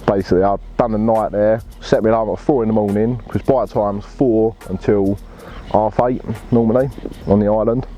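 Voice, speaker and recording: A man's voice: lowish voice, fairly even intonation, moderate pace, few pauses, mellow, slight background noise. A man telling a fishing story in blunt, laddish slang and swearing freely. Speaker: angler telling his story. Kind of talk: casual storytelling.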